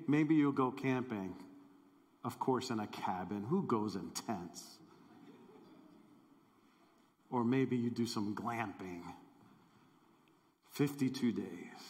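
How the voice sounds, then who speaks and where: A male pastor in a church hall preaches in a playful, conversational way and talks straight to his listeners. He speaks slowly, and his voice carries a long hall reverb. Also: medium pitch, a little mellow. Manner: playful, conversational, audience-engaging. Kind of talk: sermon.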